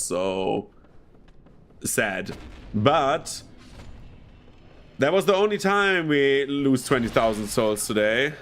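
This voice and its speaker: A man's voice: medium pitch, a bit bright. A man with a German first language chatting casually while playing a game, swearing and laughing often. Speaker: streamer. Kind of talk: casual gameplay commentary.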